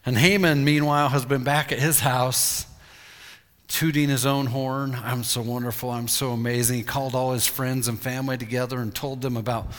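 A male pastor delivering a sermon, retelling scripture with lively storytelling. His voice sits at a middle pitch, and a long reverb hangs behind it from a large hall. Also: normal speed.

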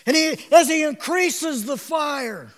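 High, bright-voiced fiery preacher. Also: male voice, animated, takes it slowly, long reverb tail. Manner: emphatic, calls for responses, bursts into shouting. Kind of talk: sermon.

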